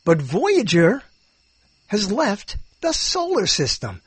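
Older man, husky and fairly high, rambling musing monologue, dry close sound. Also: wildly swooping pitch, slow pace, a bit bright, dry recording. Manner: musing, meandering, self-interrupting, chuckling.

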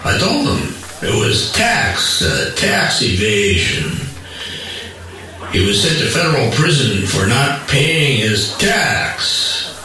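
Animated wisecracking man. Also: mid-range voice, takes it slowly, heavy reverb, far from the mic, slight background noise, rough recording. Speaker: stand-up comedian. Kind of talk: stand-up routine.

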